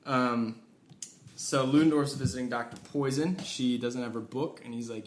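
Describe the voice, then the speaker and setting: A man's voice: mid-range voice, fairly even intonation, normal speed. An American man co-hosting a podcast, casually recapping film scenes and quoting characters, with lots of fillers. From United States. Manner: recaps scenes with quoted voices, filler-heavy. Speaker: podcast co-host. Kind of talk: casual movie review chat. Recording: echoey room with faint noise.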